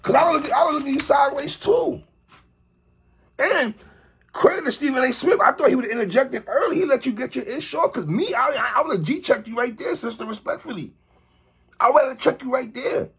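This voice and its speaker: High, raspy man giving animated commentary. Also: brisk. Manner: animated, repeatedly adds "sister, respectfully". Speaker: commentary vlogger. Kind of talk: opinion commentary monologue.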